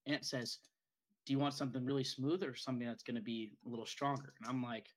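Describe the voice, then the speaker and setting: A young man chatting loosely on a podcast, telling a long, rambling story. His voice sits at an ordinary pitch, and he swears often in a relaxed, unscripted way. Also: fast talker, low-quality recording. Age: young adult. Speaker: podcast co-host. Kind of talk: casual chat.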